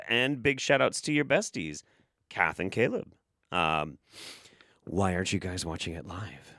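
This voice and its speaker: A man's voice: sits low, animated, measured pace, a bit bright, no room sound, studio quality. A man hosting a casual commentary show, sarcastic and rambling, swearing often. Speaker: host.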